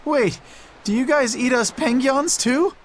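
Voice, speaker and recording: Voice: sits high, measured pace, slight background noise. An actor voicing a polite, formal talking penguin in a video game, speaking courteously and earnestly.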